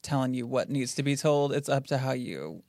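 A woman hosting a podcast in casual chat, animated and playful, acting out quotes in funny voices. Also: rumbling low, moderate pace, no room sound, studio quality.

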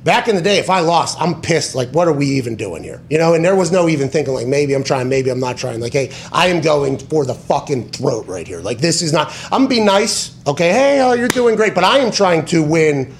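Male sports-talk host, slightly high voice, emphatic and foul-mouthed, faint background noise. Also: fairly quick, few pauses. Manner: profane, animated, emphatic; tangents and self-corrections.

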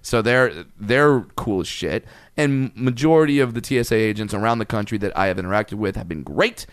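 A man casually telling a profane, animated story in a podcast chat, getting louder and higher as it builds. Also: brisk, clean tone, no echo, studio quality.

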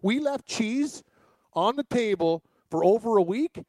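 A man co-hosting a sports radio show, trading jokes and getting loud when he argues. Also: high voice, animated, a little slow, dry recording. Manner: boisterous, jokey, gets loud when arguing. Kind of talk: casual sports radio banter.

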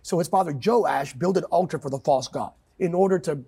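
Gravelly, high-pitched preaching man. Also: a little fast, dark tone. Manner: emphatic, quotes scripture, swings pitch widely. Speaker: pastor guest. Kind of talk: impassioned preaching in conversation.

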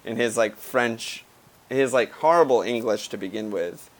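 Male American podcast co-host, foul-mouthed, animated storyteller. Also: medium pitch, moderate pace. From United States. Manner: swears often, animated storytelling. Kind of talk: casual football chat.

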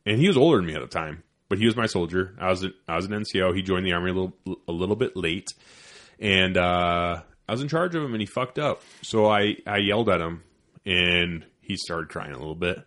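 A man's voice: low-pitched, expressive, brisk, a bit bright. A man in his thirties, a former Army sergeant, telling a heated, profane story in casual podcast chat. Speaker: podcast co-host.

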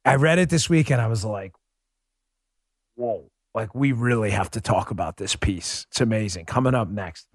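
A man from Queens hosting a political commentary podcast, animated and quick to laugh. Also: fairly low pitch, husky, no room sound, clean studio sound. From Queens, New York. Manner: animated, laughs often, breaks into impressions. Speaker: podcast host.

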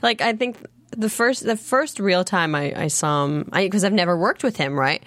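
A woman chatting as a guest on a talk show, telling lively stories about castmates, often laughing and imitating them. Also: fairly low pitch, normal speed. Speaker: guest actor. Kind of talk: casual podcast chat.

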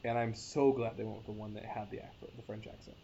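A man's voice: lowish voice, fairly even intonation, creaky, warm tone, husky. A man co-hosting a casual podcast chat, talking eagerly with many restarts and stumbles. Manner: enthusiastic, halting with many restarts. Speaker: podcast co-host. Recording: dull lo-fi sound with faint noise.

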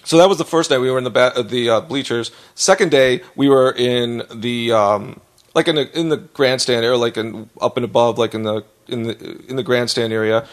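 A man's voice: medium pitch, brisk. An American man hosting a podcast, telling a rambling story in casual chat, laughing often and acting out quotes. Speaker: podcast host.

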